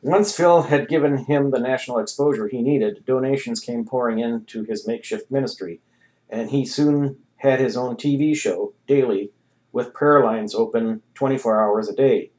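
A man narrating a comic novel in a wry, deadpan reading. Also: mid-range voice, normal speed, low-quality recording. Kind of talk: audiobook reading.

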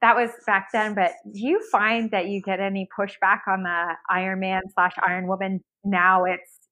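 Woman interviewer asking halting questions. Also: mid-range voice, little pitch movement, pushed and bright. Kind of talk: casual interview chat.

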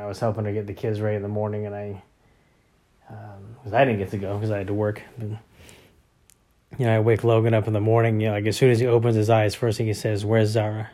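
A father of young boys, in his thirties, chats casually about home life in a family vlog, rambling with many fillers and restarts. His low, dark voice stays fairly level in pitch.

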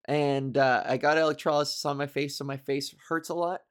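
A woman's voice: sits low, fairly even intonation, a little fast. A young woman hosting a solo podcast, chatting casually in a rambling, profane, self-mocking way and laughing often. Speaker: podcast host.

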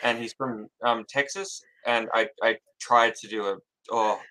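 A man's voice: mid-range voice, steady tone, unhurried, sharp tone, poor audio. A man talking as an author guest in a casual interview, jittery and rambling, laughing often and running his thoughts together.

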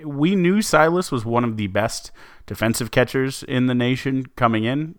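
A man with a medium-pitched voice co-hosts a sports podcast at a moderate pace, talking casually with many fillers and restarts. The recording is studio quality, with no room sound.

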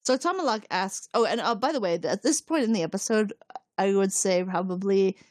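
A podcast co-host with a medium-pitched voice speaks fairly quickly, casually recapping a TV episode and acting out the characters' lines with laughs in an animated retelling. The recording is dry and studio quality.

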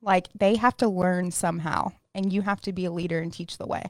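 A woman's voice: fairly low pitch, fairly even intonation, fairly quick, no room sound. Upbeat woman fitness coach, dry sound. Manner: upbeat, laughs often, says "like" a lot. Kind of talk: casual podcast chat.

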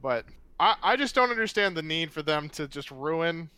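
A man in a casual chat show who laughs easily and drops quick asides. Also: a little high, expressive, pushed and bright, clear, resonant tone. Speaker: podcast co-host.

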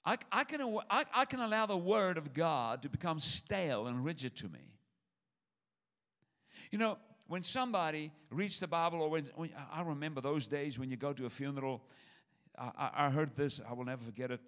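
Older male pastor preaching lively sermon. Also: on the high side, brisk. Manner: lively, humorous preaching with repetition and stammered restarts.

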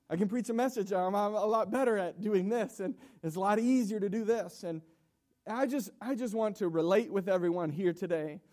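A young man preaching an emotional sermon in a church, halting and repeating himself with nervous laughs. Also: sits high, a little mellow. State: emotional, coughing.

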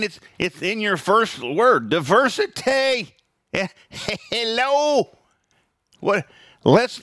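A man hosting his own podcast, talking casually and sarcastically in an animated opinion monologue from home. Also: no room sound, studio quality. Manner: animated, sarcastic, jumps high in pitch for emphasis. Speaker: podcast host.

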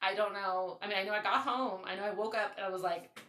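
Podcast host lady rambling a story, lots of "like", bright voice, roomy echo. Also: medium pitch, quick pace, far from the mic. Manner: animated, swearing, lots of "like". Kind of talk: casual storytelling chat.

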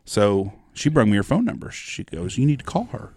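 Brief: male co-host, forties, low gravelly voice, rapid profane storytelling, dry sound. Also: very animated, a little mellow, no room sound. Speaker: podcast co-host. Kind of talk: casual chat.

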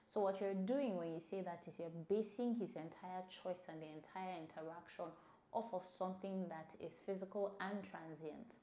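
Lively woman podcast host. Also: fairly low pitch, reverberant. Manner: animated, opinionated, speaks with a smile. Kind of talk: solo podcast commentary.

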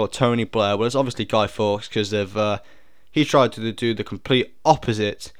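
A young man talks his way through a quiz, joking, punning and doubting his own answers. His voice is smooth and resonant at a middling pitch. The recording is dry, with no room sound. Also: dry recording. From United Kingdom. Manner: jokey, punning, second-guesses aloud. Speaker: video creator doing a quiz. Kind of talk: casual commentary while taking an online quiz.

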